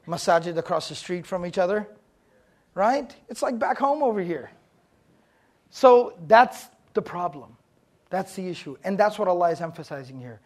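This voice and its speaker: Animated man quizzing his audience. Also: high voice, normal speed. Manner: animated, quizzes the audience and repeats points for emphasis. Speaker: Islamic teacher. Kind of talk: religious lesson to a live audience. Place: room with a live audience.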